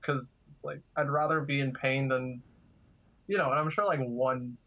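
A man's voice: medium pitch, fairly even intonation, normal speed, pushed and bright, muffled recording. A man telling casual stories as a guest, chatty and laughing through his anecdotes. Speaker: guest, kidney donor. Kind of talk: casual storytelling.

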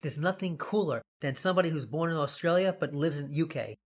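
A man's voice: fairly high pitch, brisk. A man with a Long Island New York accent hosting a casual podcast, rambling and jokey. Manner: rambling, jokey, laughs often. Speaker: podcast host.

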